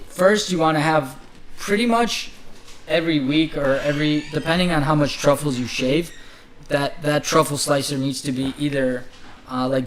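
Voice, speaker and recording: A man's voice: fairly high pitch, slight background noise. A man who is a chef, chatting loosely about cooking on a podcast with many fillers and restarts. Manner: loose, rambling, filler-heavy. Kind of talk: casual chat.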